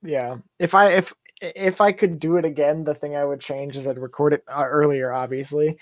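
A man's voice: fairly high pitch, steady tone, normal speed. A man chatting casually as a guest voice actor, easygoing and jokey. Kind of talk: casual chat on a livestream.

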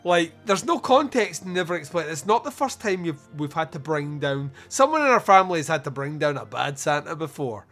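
A man's voice: fairly high pitch, sing-song, brisk, hardly any pauses, fairly bright tone, soft background music. A man hosting a podcast, chatting casually about a film. He swears freely, laughs often and rambles. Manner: profane, chuckling, rambling storyteller. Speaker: podcast host. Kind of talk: casual film review chat.

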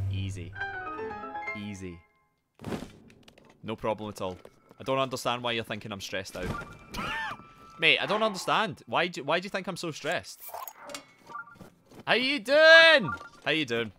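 A Scottish man commentating his gameplay live, greeting viewers and yelling in panic when things go wrong. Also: medium pitch. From Scotland. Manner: excitable, yelps and shouts in panic, greets chat. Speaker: streamer.

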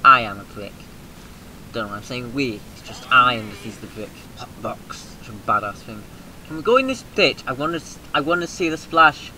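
A British man hosting a let's-play, chattering loosely and breaking into loud rallying shouts and cheerful swearing. His voice is very bright and sharp, a little mucousy in the throat, with a faint hiss behind it. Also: mid-range voice, normal speed, poor audio. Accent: British English. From Britain. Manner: excitable, profane, shouts rallying cries. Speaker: gaming video host. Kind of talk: casual let's-play commentary.

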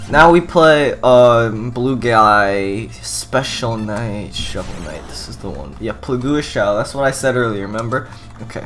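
A man talks over gameplay in a mid-range voice, rambling and deadpan. He stops and restarts often and fills the gaps with "uh" and "um". Faint music plays under his voice. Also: medium pitch. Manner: deadpan absurd rambling, halting with many fillers. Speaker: gaming video narrator. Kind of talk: rambling comedic gameplay commentary.

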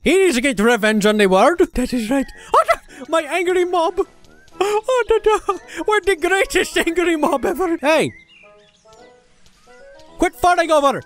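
A high-voiced game commentator whose pitch leaps all over as they gasp and shout. The delivery is excitable and comic, with faint music playing underneath. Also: a little slow, pauses often. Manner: excitable, gasping and exclaiming. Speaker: gameplay commentator. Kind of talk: comedic gameplay commentary.

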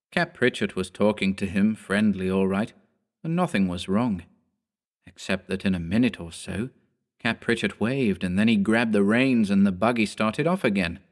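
Low-voiced man narrating a horror story. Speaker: audiobook narrator.

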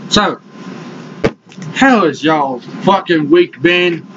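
Rowdy high-voiced young man. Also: drawn-out words. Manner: rowdy, swears constantly. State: talking with tobacco in his lip. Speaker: vlogger reviewing dip. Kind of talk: casual profane vlog rant. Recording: dull lo-fi audio with loud background noise.

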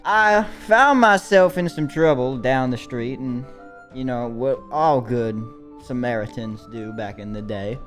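A man's voice: medium pitch, lightly acted. A young man putting on a Southern US accent as a rambling, mock-grand storyteller. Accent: put-on Southern US.

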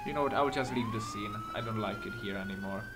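With heavy background noise behind him, a gaming commentator races through excitable let's-play talk while acting as a game's patrol cop. The man has a mid-range voice, speaks non-native English with little mistakes, and swears and laughs frequently.

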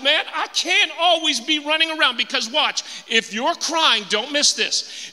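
A man's voice: very high-pitched, lively intonation, measured pace, few pauses, sharp tone. A male pastor preaching a sermon in a church auditorium, emphatic and repeating phrases for stress. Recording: long hall reverb, faint music.

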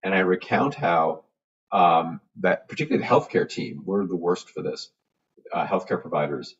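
A man's voice: sits low, normal speed, slight background noise. A man, a physician guest, talking in a casual interview and acting out the voices he quotes. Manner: animated, acts out quoted voices. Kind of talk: conversational interview. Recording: dull lo-fi video call audio from a distance.

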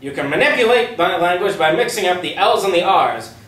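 An actor reading the part of a dim, boastful cartoon father with a loud, goofy manner in a script table read. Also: high voice, lively intonation, brisk. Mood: pompous. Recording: roomy room, distant mic, faint hiss.

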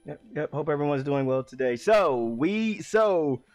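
A man casually streaming a game, rambling and restarting his sentences, sometimes bursting into loud exclamations. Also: fairly high pitch, expressive, unhurried, soft background music. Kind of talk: casual let's-play commentary.

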